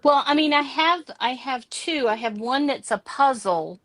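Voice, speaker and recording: A woman's voice: high voice, expressive. A woman host rambling casually about her crafts and home life on a video call. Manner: rambling, unhurried storytelling. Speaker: podcast host. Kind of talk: casual chat.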